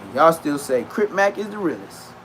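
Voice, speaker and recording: A man's voice: a little high, very animated, moderate pace, fairly bright tone, slight background noise. A man talking straight to his viewers in a casual, repetitive rant full of street slang.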